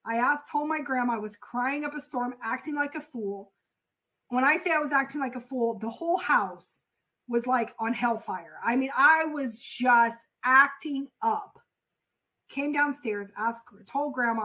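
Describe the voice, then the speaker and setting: A woman's voice: high-pitched, unhurried, pushed and bright. A woman freight broker giving a direct, emphatic sales lesson, repeating her points for weight.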